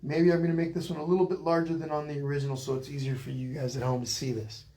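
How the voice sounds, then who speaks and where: Reading out viewer comments to greet people, this middle-aged painting instructor keeps his live online class relaxed and chatty. He talks fast, in a voice pitched a little above most men's.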